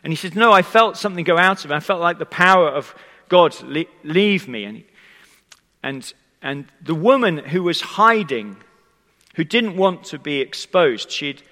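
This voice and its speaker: A man's voice: fairly high pitch, bright, forceful tone. A man preaching a sermon, telling the story conversationally and speaking directly to the congregation. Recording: long hall reverb.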